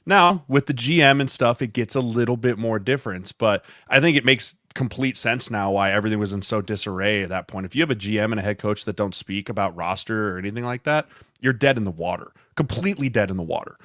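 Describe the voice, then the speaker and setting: Earnest low-voiced podcast co-host man. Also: fast, hardly any pauses, a bit bright, no room sound, clean studio sound. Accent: American. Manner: earnest, explains with quoted examples. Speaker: podcast co-host, former NFL offensive lineman. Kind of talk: casual chat.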